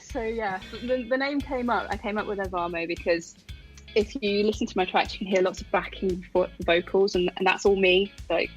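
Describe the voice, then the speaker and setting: A woman's voice: mid-range voice, normal speed. A woman musician speaks over a phone line in a live radio interview, chatty and self-deprecating. She laughs easily and fills her talk with ums, with faint music behind. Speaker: musician guest.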